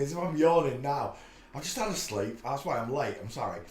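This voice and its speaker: A man's voice: medium pitch, animated, fairly quick, darkish tone, reverberant. A man hosting a casual live stream, chatting in a rambling way with many filler sounds. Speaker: livestream host.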